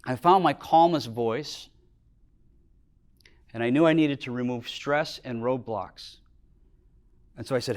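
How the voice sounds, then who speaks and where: A middle-aged man from Minnesota giving a talk as a business owner, telling earnest stories in a motivational speech, his voice dropping low and quiet at emotional moments. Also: measured pace, pauses often. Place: lecture hall with audience.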